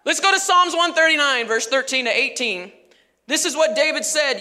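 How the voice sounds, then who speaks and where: A woman pastor preaching a sermon in a church, animated and conversational with laughing asides. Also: high-pitched, normal speed, big-room sound.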